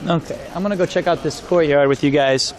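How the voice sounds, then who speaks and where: A man's voice: a little high, fast talker, a little mellow. A man chatting casually to his live-stream audience while walking around town, rambling and joking with chat. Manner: rambling, jokey, talks to chat. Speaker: IRL streamer. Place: outdoors on city streets.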